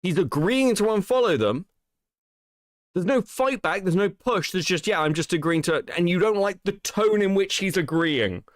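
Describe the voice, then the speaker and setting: A man's voice: sits high, lively intonation, moderate pace, no room sound, studio quality. A male stream host giving heated commentary, exasperated and swearing often. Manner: exasperated, profane ranting.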